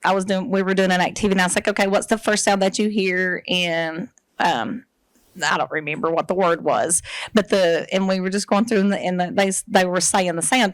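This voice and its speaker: A woman's voice: medium pitch, fairly quick, no room sound, rough recording. A woman presenting a live workshop to teachers, talking casually with many fillers and restarts. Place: training room with an audience. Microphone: microphone.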